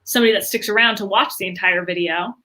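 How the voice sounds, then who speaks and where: Bright, animated businesswoman guest. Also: mid-range voice, quick pace. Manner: animated, many fillers, acts out quoted reactions. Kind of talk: enthusiastic interview talk.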